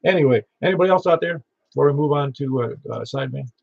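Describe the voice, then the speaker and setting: A gravelly, husky-voiced man with a Middle Tennessee accent runs an amateur radio net in a joking, folksy way. His voice comes through a dull, lo-fi radio transmission. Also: mid-range voice, fast talker. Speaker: net control operator. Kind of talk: ham radio net chat.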